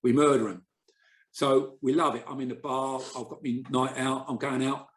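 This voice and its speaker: A man's voice: medium pitch, steady tone, normal speed. A man, a former footballer, telling anecdotes in casual podcast chat and acting out the people he quotes. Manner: chatty anecdotal storyteller, acts out quoted voices. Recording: roomy echo.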